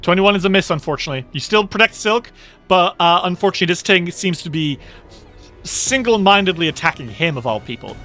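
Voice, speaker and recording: A man with a bright, high-pitched voice runs a tabletop game, describing monsters and attacks in vivid detail. Soft music plays under his narration. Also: lively intonation, quick pace. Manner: friendly, descriptive, reacts with groans. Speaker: game master.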